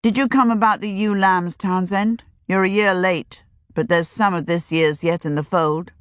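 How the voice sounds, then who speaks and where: A woman's voice: lowish voice, steady tone, normal speed, dry recording, studio quality, lightly acted. A woman reading the part of a fierce, proud middle-aged farm woman who speaks sharply and demandingly. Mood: fierce, earnest.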